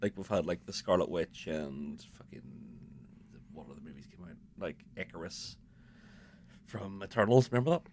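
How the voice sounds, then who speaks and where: A man's voice: deep voice, lively intonation, normal speed, a little mellow, slight background noise. A man with a Northern Irish accent, a guest on a podcast, bantering casually and swearing freely. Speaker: guest filmmaker. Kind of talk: casual chat.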